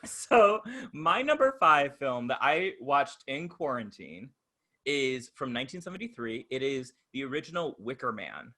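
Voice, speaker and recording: A man's voice: mid-range voice, measured pace. A man co-hosting a podcast in casual chat, a campy, profane storyteller who laughs often. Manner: animated storyteller, laughs often, acts out voices. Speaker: podcast co-host.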